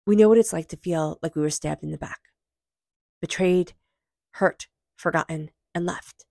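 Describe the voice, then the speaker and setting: A woman's voice: on the low side, normal speed, creaky, a little mellow, no room sound, clean studio sound. A woman giving an intuitive tarot reading, earnest and emphatic, with soothing repeated affirmations. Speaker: tarot reader.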